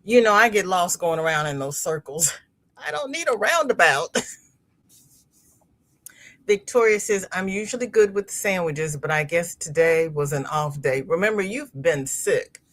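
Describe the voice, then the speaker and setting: Slow-talking chatty woman livestream host. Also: on the low side. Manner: chatty, laughs often, repeats words. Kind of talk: casual live chat reading comments.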